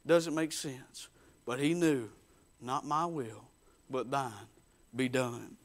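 A man's voice: high voice, fairly bright tone. A man preaching a sermon, telling the story emphatically and acting out the voices in it. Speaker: pastor.

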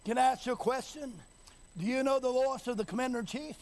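A man preaching a sermon, building to shouted, chanting emphasis and then dropping quiet, folksy, repeating phrases and asking the congregation if they hear him. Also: extremely high pitch, quick pace.

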